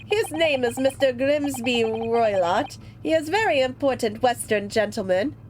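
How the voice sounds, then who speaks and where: A woman voicing a gruff, burly male sailor who speaks curt, broken English, reading lines from a game. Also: high-pitched, a little slow, a little hiss or hum. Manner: curt, clipped broken phrasing.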